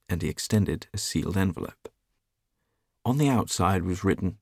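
Low voiced guy reading a story aloud, steady, dry close sound. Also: a little slow, creaky, breathy edge, dry recording. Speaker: audiobook reader. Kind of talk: scripted narration.

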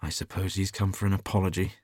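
A man playing a sulky, hapless young gentleman. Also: deep voice, steady tone, fast, no room sound, clean studio sound.

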